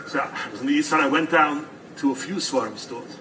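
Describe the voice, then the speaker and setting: A man telling a story as a sermon, animated and rising to fervent preaching. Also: a little high, a little fast, recorded from a distance, slight background noise, low-quality recording.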